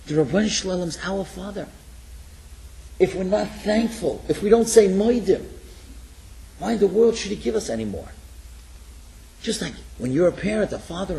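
Male preacher, slightly high voice, animated storytelling sermon with acted dialogue. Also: gravelly, low-quality recording. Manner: animated storyteller, acts out dialogue, drops to a hush.

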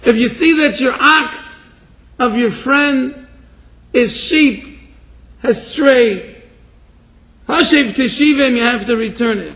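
High-voiced man preaching a sermon. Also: slow pace, long pauses. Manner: animated preacher, swings from hushed storytelling to shouted exhortation. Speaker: rabbi. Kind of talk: sermon with storytelling.

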